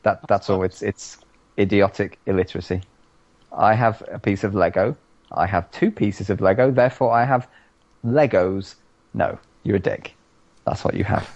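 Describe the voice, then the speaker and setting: A British man co-hosting a casual podcast, ranting loudly with lots of swearing. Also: lowish voice, steady tone, moderate pace, dry recording, muffled recording. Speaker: podcast co-host. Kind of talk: casual chat.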